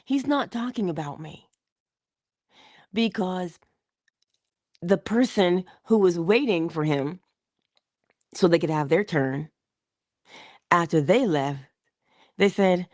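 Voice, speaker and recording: A woman's voice: fairly low pitch, slow pace, pauses often, a little mellow, dry recording, studio quality. A middle-aged woman hosting a casual inspirational morning talk, dropping into whispers for emphasis and laughing often as she tells a story. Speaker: host of a morning inspiration show.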